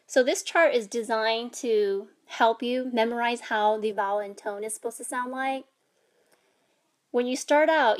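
A woman's voice: a little high, a little slow. A woman teaching a language lesson, patiently explaining and sounding out vowels and tones. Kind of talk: instructional explanation.

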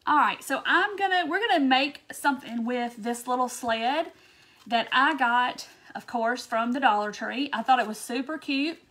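With a high-pitched, fairly bright voice at a moderate pace, a Southern-accented woman from Mississippi runs a live crafting stream. She keeps up a bubbly, casual chat and greets her viewers by name.

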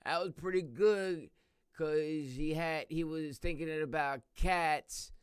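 A man hosting a reaction video, rambling and excitable, swearing often. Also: fairly high pitch, takes it slowly, smooth, dry recording, clean studio sound. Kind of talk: casual reaction commentary.

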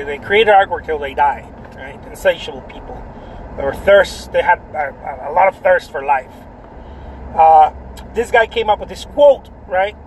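High-voiced rambling man outdoors. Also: slight background noise, rough recording. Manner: rambling, repeats himself, many "right?" tags. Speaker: artist talking about art. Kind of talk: casual vlog talk.

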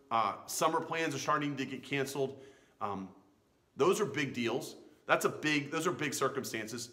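A man in his thirties gives a youth sermon with an earnest, pleading delivery. His voice is bright and forward, at an everyday middle pitch, and he often trips and restarts mid-phrase. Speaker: youth pastor. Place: church in Florida.

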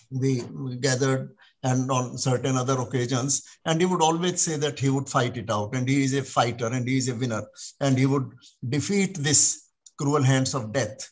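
A man giving a solemn, measured memorial tribute over a video call. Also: medium pitch. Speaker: meeting speaker paying tribute.

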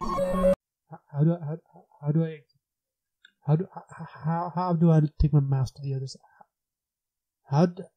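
Self-mocking gamer with a mellow voice. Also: steady tone, moderate pace, pauses often, slightly rough, soft background music. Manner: self-mocking, laughing, squeals in high pitch when surprised; scats beatbox sounds along with the game. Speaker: gamer and channel host. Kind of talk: casual gameplay commentary.

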